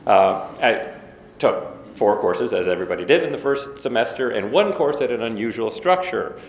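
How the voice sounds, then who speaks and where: A man in his fifties giving a self-deprecating after-dinner speech, halting with many fillers. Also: mid-range voice, animated. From Ontario, Canada. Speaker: guest speaker. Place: banquet hall. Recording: echoey banquet hall with faint room noise.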